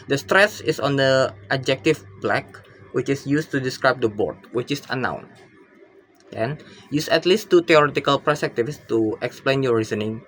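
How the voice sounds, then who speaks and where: A man reads his class project aloud at a middling pitch. He stumbles, restarts words and fills pauses with "uh" as he goes. A faint hiss of noise sits behind his voice. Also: fairly bright tone. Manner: halting, with frequent fillers, restarts and self-corrections. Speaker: student presenting a linguistics project.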